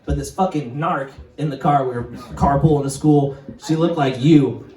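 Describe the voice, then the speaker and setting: A man's voice: a little high, normal speed, distant mic, background noise. Rambling, profane man doing stand-up. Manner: rambling, profane, laughing at his own stories. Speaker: stand-up comedian. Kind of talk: stand-up set. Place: comedy club stage. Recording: roomy stage mic, heard from afar, audience. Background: crowd laughing.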